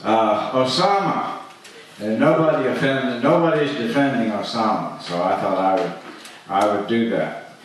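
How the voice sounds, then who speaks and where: A man doing an open-mic stand-up set in a comedy club, halting often with uhs and restarts. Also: fairly low pitch, distant mic, slight background noise. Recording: echoey club miked from afar.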